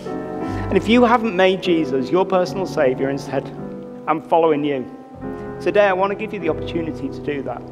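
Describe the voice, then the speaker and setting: A man's voice: fairly high pitch, lively intonation, a little fast. A man preaching a sermon as pastor, earnestly urging the congregation. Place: church. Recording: reverberant church with music behind.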